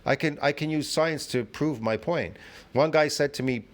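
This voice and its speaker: A man's voice: on the high side, normal speed. A man in his fifties giving reaction commentary, rambling and swearing as he argues and lectures, often asking whether you get it. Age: 50s. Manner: profane, rambling and argumentative. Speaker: fitness commentator reacting to a video.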